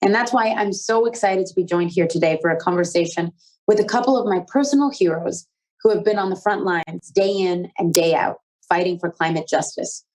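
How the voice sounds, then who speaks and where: Brisk and a little mellow, a young adult woman's lowish voice leads a youth conversation as its host. She's eager and upbeat across scripted presenting and casual questions, and the audio is poor.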